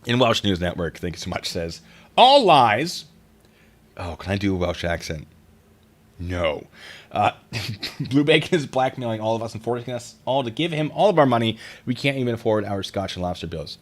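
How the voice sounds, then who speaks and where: A man's voice: on the low side, very animated, moderate pace. A man streaming live, reading reader stories aloud and reacting to them and to chat in a chatty, wry way. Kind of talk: casual live-stream commentary.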